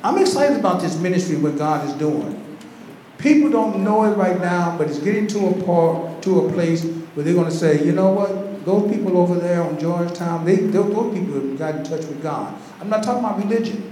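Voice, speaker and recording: High-voiced preaching pastor in echoing church. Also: male voice, lively intonation, fairly quick, dark tone. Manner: preaching with rising fervor and repetition. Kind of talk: sermon. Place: large echoing church hall. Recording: very echoey church hall, faint background noise.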